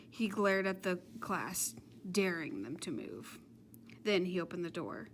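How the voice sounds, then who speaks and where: A woman narrating a children's audiobook in an even, measured way. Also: lowish voice, a little hiss or hum.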